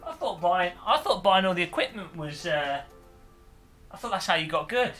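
A man's voice: high-pitched, animated, moderate pace, bright, forceful tone, soft background music. A man on a casual livestream, joking, swearing and mocking himself while setting up gear. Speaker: streamer.

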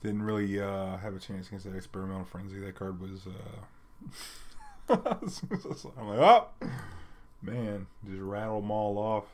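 A man giving casual commentary on his card game match, muttering low remarks and breaking into excitable cheers. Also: moderate pace.

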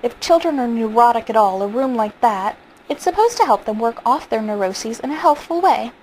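A woman's voice: fairly high pitch, lively intonation, moderate pace, darkish tone, a little hiss or hum, natural voice, poor audio. A woman reading as a brooding, exasperated father. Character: stern worried father of two.

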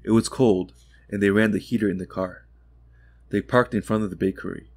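A man narrating a literary short story as a calm audiobook reading meant for sleep, measured and quiet. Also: lowish voice, dry recording.

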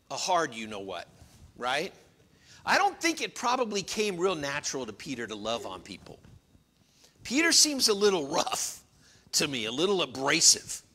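Lively, bright-voiced male pastor preaching. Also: high-pitched, husky. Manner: earnest, swings between loud emphasis and quiet confiding. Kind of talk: sermon. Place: church.

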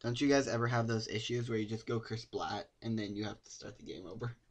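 A young man streaming a game, joking and swearing, with sudden loud outbursts. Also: fairly low pitch, fairly even intonation, quick pace, slight background noise. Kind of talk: casual gameplay commentary.

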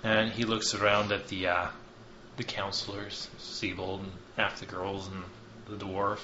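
Lower-pitched man running a tabletop game in an echoey room. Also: flat delivery, a little slow, pushed and bright. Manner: loose, joking, swears and laughs at himself. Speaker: game master. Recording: echoey room, dull lo-fi sound, faint hiss.

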